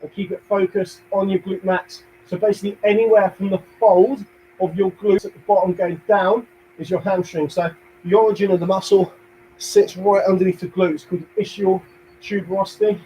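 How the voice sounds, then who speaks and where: A man's voice: high voice, little pitch movement, normal speed, mellow, slight background noise, low-quality recording. A young man with a London accent leading a live home workout class, counting down reps, cheering people on and cracking small jokes. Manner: upbeat, counts reps, jokey asides, cheers viewers on. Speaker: fitness instructor.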